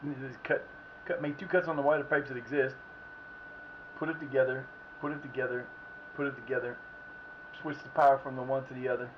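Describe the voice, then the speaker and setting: Streaming a soccer video game, a man talks fast in a medium-pitched, steady voice, chatting casually and rambling to himself between reactions to the plays. The live-stream commentary sounds slightly muffled, with faint noise in the background.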